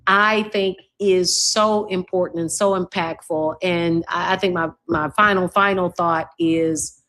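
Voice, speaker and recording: A woman university president as a podcast guest, speaking warmly and reflectively. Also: lowish voice, fairly even intonation, unhurried, a little hiss or hum. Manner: warm, reflective, gushing praise. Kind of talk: casual interview chat.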